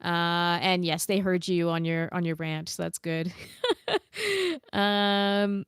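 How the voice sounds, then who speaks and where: A woman's voice: on the low side, flat delivery, unhurried, clean tone, no room sound, studio quality. A woman co-hosting a podcast, casually reading viewer comments aloud and reacting bluntly with swearing. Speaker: podcast co-host reading chat. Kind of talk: casual chat.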